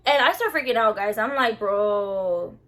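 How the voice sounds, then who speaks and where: A young woman telling a story to her viewers in a casual, animated, slangy way, full of swearing. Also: on the high side, fairly quick. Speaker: vlogger.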